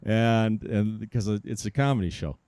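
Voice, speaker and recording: A man's voice: on the low side, normal speed, very noisy. A man doing stand-up at an outdoor park show, telling a joke in a loose, hesitant way. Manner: loose, hesitant storytelling with fillers. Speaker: stand-up comedian.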